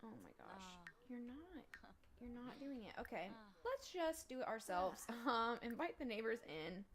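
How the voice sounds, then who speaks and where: A woman talking through a life-sim game as its host, rambling and thinking aloud with many fillers. Her voice is fairly high and moves up and down a great deal. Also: lively intonation, a little slow, fairly bright tone. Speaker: let's play host. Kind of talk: gameplay commentary.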